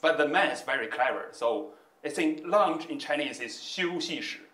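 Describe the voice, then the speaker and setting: A comedian with a bright, forceful voice tells a comic anecdote in halting English, chuckling at his own lines. He sits back from the mic, and the room around him rings with echo. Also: on the high side, animated, far from the mic. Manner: halting non-native English, laughs at his own story. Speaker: stand-up comedian guest.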